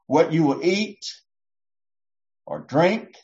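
A woman pastor speaks very slowly in a warm, reassuring, conversational sermon, often slipping into short voices to make her points. Her pitch rises and falls with lively range, and the recording sounds dull and lo-fi.

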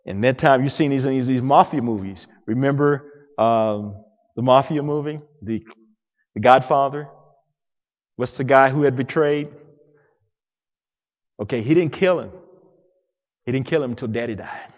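A male pastor preaching a sermon, dramatic, swinging between loud declarations and hushed passages. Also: medium pitch, measured pace, pauses often, big-room sound, dull audio.

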